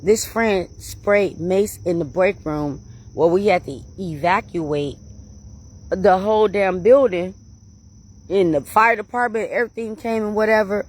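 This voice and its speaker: A woman hosting her own channel, telling stories to her viewers in a casual, animated way, laughing often and calling them y'all. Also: medium pitch, unhurried. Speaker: channel host.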